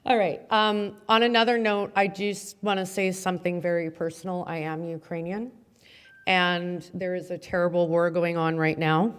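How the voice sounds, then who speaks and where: A middle-aged woman, a mayor, speaks at an awards ceremony in a somewhat low voice. She is chatty and heartfelt, and she pads her sentences with frequent ums. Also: little pitch movement, unhurried, smooth. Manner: chatty, heartfelt, many fillers. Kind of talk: ceremony speech.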